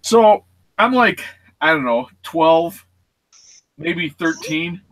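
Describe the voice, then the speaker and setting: A man in his forties, hosting a casual chat show and telling a lively story in which he acts out voices and sounds. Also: on the high side, takes it slowly, no echo. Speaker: show host.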